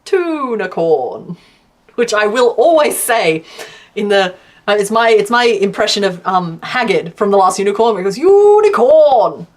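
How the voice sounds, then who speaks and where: A woman chatting casually to her stream from home while she crochets, laughing often and counting stitches out loud. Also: medium pitch, normal speed. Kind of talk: casual livestream chat.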